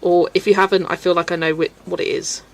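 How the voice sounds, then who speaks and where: A woman's voice: lowish voice, level tone, quick pace, low-quality recording. Chatty laughing woman streamer from Belgium. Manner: chatty, laughs often, stumbles over names. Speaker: livestream host reading chat. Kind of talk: casual livestream chat. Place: home, colouring at a desk.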